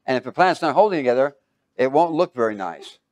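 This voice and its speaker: A man giving a motivational talk to a live audience. He talks emphatically, swings from loud to hushed, and keeps quizzing listeners with fill-in questions. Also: mid-range voice, lively intonation, fast talker. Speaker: speaker teaching a live audience.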